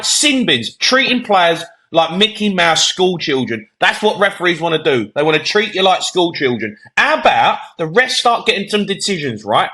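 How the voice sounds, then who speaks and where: A man rants through a heated football debate, loud and exasperated. His voice is bright and sharp, leaping from low grumbles to high outbursts. He sounds fed up and keeps pressing his point. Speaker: podcast co-host.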